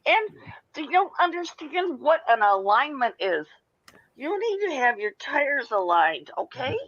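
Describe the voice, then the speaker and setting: A woman's voice: high voice, very animated, unhurried, fairly bright tone. A woman from Michigan chatting casually on a panel show, rambling and jokey, with the odd swear. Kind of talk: casual chat. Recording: muffled lo-fi audio.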